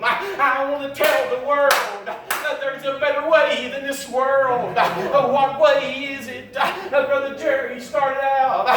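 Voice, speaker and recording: A man preaching a sermon in a church, fervent and full of "uh" fillers, at times sliding into a half-sung chant. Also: very high-pitched. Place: church sanctuary. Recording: very echoey church, mic far off.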